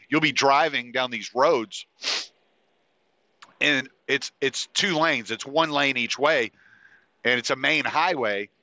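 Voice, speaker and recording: A man's voice: mid-range voice, sharp tone, no echo, lo-fi sound. A man hosting a podcast in a casual, rambling monologue, swearing freely and restarting his sentences, and congested. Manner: rambling, profane, with frequent fillers and restarts. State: congested, sniffly. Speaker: podcast host.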